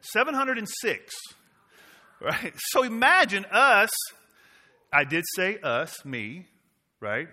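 A man's voice: high voice, very animated, takes it slowly, pauses often, bright, forceful tone. A man from Massachusetts preaching a sermon to his church, emphatic, with his volume rising and falling. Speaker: pastor.

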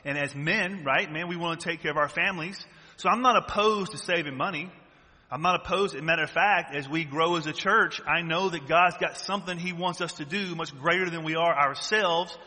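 A man's voice: on the high side, a little fast, hardly any pauses, bright, forceful tone. A man preaching a sermon as pastor, emphatic and full of rhetorical questions. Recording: long church-hall reverb.

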